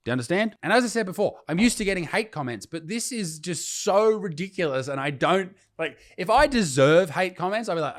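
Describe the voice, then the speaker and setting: A man's voice: high voice, animated, fairly quick, few pauses. Sarcastic man swearing at critics. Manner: sarcastic, profane, mocking. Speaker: comedian. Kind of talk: reacting to comments, casual rant.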